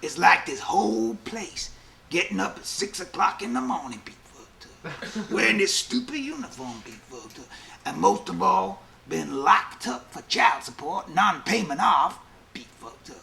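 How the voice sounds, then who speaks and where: A man's voice: high voice, sing-song, a little slow, creaky, sharp tone, heavily acted. A man voicing an older male prison inmate who wryly drawls and repeats a refrain.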